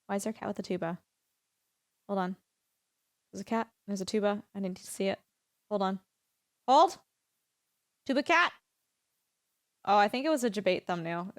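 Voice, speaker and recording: A woman's voice: mid-range voice, fairly quick, long pauses, no echo, studio quality. A woman streaming a farming game, chatting casually and playfully teasing her viewers. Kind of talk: casual live-stream chat while gaming.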